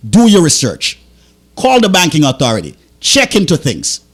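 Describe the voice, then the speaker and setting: A man on a studio microphone hosts a radio show in a high, swooping voice, and his pitch leaps as he pleads with the audience. He sounds agitated and pumped up, stumbling over his words as he pushes them to act. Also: wildly swooping pitch, moderate pace, fairly bright tone, breathy edge. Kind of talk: impassioned radio sales talk.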